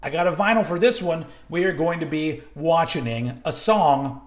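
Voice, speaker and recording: A man's voice: fairly high pitch, normal speed. A man hosting a heavy metal video show, talking in a loose, rambling way, swearing freely and poking fun at himself. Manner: loose, profane and self-mocking, with frequent fillers. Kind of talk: casual rambling commentary.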